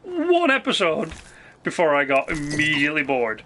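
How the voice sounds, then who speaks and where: A man's voice: on the high side, huge pitch swings, normal speed, pushed and bright, slight background noise. A man ranting casually on a live game stream, swearing freely, rambling and restarting his sentences. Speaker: gaming streamer.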